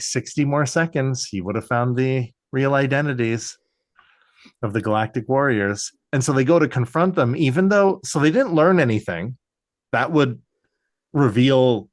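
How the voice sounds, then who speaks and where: Male podcast co-host, mid-pitched, dry close sound, rambling casual recapper. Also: no room sound. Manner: rambling, filler-heavy storytelling. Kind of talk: casual movie recap chat.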